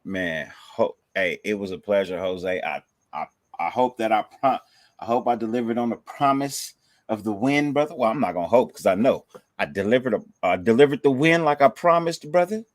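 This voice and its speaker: A man's voice: on the low side, expressive, normal speed, dry recording. A man hosting a casual fan show, talking slangy and laid-back, thanking viewers and breaking down players. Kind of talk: casual sports chat.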